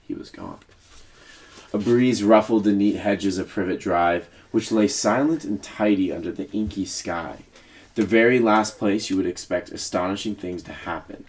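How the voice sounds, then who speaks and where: A man reads a children's book aloud, steady and measured. His voice is very low and stays grounded throughout. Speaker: teacher reading aloud.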